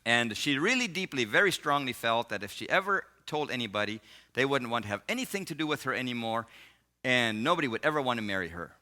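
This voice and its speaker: Bright-voiced man telling a story in a sermon. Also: mid-range voice, fast. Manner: animated storytelling with frequent laughs. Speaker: marriage speaker.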